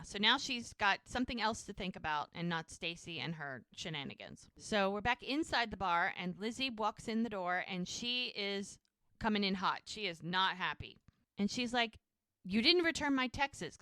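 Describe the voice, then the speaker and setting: A woman's voice: medium pitch, animated, normal speed, sharp tone, no echo, clean studio sound. A woman co-hosting a podcast, recapping a TV episode in casual chat and acting out the characters' lines as she goes. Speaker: podcast co-host.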